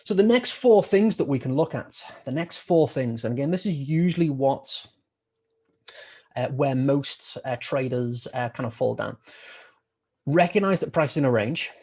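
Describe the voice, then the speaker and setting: A man's voice: medium pitch, animated, moderate pace, a little mellow, breathy edge. A middle-aged man teaching a live online trading lesson in a chatty way, repeating words and using many fillers. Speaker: trading educator.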